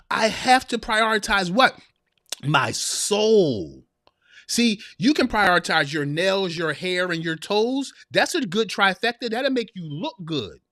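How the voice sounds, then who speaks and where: Male podcast host with a higher voice, motivational sermon-like talk, no room echo. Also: bright, forceful tone, studio quality. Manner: preacherly, storytelling, addresses listeners as sisters. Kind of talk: heartfelt motivational monologue.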